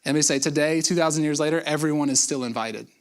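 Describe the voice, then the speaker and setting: A man's voice: a little high, fast. A man pastor giving a conversational sermon, acting out quotes and repeating words for emphasis. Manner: conversational preaching with acted-out quotes and repetitions.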